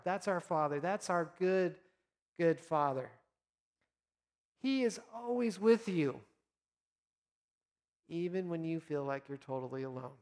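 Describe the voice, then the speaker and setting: A man speaking as a pastor, giving an earnest, encouraging devotional talk for Lent with gentle pauses. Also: on the high side, in a large hall.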